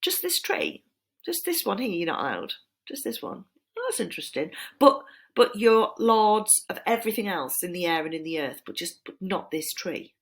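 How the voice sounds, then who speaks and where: A woman voicing a sly, flattering male serpent tempter, wheedling and dropping into breathy whispers. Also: medium pitch, normal speed. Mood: mock surprise. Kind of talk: dramatized reading of a poem.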